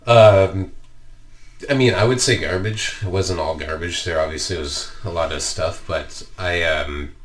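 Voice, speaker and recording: A man's voice: deep voice, measured pace. A man co-hosting a podcast, telling a rambling story with lots of swearing and fillers. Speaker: podcast co-host. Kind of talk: casual chat, storytelling.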